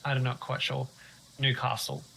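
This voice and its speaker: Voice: mid-range voice, completely flat delivery, unhurried, gravelly, fairly bright tone, breathy edge, rough recording. A player from Australia with an Australian accent, telling a rambling story in casual chat.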